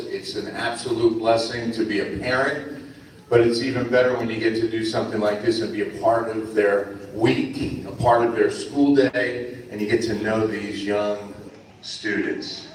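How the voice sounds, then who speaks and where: Middle-aged guy from new jersey, friendly speech to students, faint room noise behind. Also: lowish voice. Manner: friendly, animated storytelling. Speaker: guest speaker. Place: school ceremony hall. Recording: echoey hall from far off, faint ambience.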